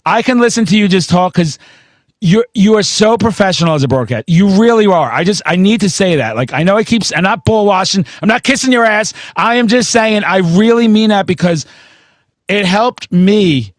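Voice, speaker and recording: Excitable, foul-mouthed man, high voice. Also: normal speed, no echo. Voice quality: profane, excitable storyteller, swears constantly. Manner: bursts into shouting mid-story. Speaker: podcast host. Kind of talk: casual interview chat.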